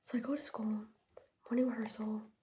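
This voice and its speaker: A teenage girl who is sick with a sore throat, rambling through a casual story in a soft ASMR whisper. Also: fairly high pitch, level tone, a little fast, a little hiss or hum. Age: teens. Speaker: ASMR creator. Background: keyboard tapping.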